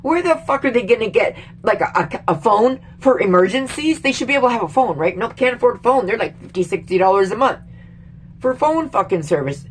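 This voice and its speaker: A middle-aged Canadian woman in a heated, swearing vlog rant, emphatic and exasperated, rambling with sudden jumps in pitch. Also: lively intonation, brisk, a little hiss or hum. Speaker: vlogger. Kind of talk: casual angry political rant.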